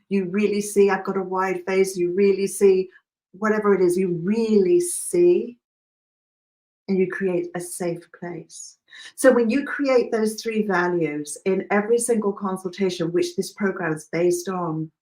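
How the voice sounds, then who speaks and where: A woman teaching a live online hairdressing class, lively and emphatic, laughing often. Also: medium pitch. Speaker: hairdressing educator.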